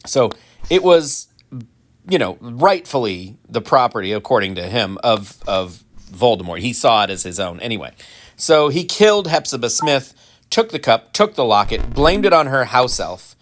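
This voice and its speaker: A man giving casual, rambling commentary while playing a game, full of ums and restarts, with animated mock-indignant asides. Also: medium pitch, moderate pace. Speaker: gaming channel host.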